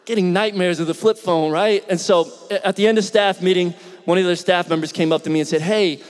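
A middle-aged man from Philadelphia, a pastor telling a story in his sermon, talking in a conversational, animated way and asking the congregation questions. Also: sits high, fast, big-room sound.

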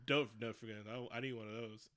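A man casually recapping a movie with a co-host, talking in an animated, profane, jokey way. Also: mid-range voice, a little fast, clean tone. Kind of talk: casual chat.

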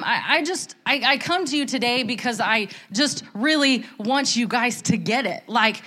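A woman's voice: on the high side, pushed and bright. A woman giving an informal, earnest church talk, chatty and full of fillers and restarts. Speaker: church speaker.

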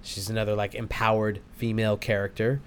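A man's voice: lowish voice, flat delivery, fairly quick, slight background noise. A young man hosting a casual podcast chat, rambling with hesitant restarts and frequent laughs. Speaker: podcast host.

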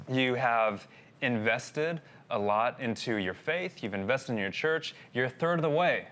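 A man's voice: medium pitch, fairly bright tone. Conversational man preaching a sermon. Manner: conversational, addresses audience as guys. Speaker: pastor. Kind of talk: sermon storytelling.

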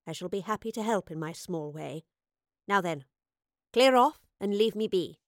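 A woman's voice: mid-range voice, lively intonation, moderate pace, no echo, clean studio sound, natural voice. A woman voicing an eccentric, cheerful female professor who talks in a whimsical, self-amused way. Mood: breezy. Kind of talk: audiobook character voice.

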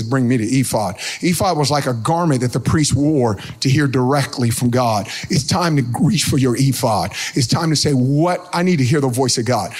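A man preaching a sermon as pastor, animated, breaking into sing-song shouts and calling out to the congregation. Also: a little high. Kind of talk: energetic sermon.

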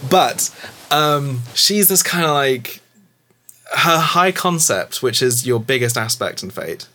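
A man's voice: mid-range voice, lively intonation, slow, pushed and bright. A man chatting casually on a podcast about playing and running tabletop games, rambling with many filler words. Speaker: tabletop game player and game master.

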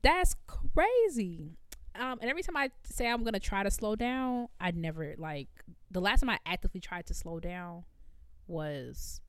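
Fast-talking young woman co-host. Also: on the low side, clean tone. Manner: fast-talking, animated, laughs often. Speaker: podcast co-host. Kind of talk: casual chat.

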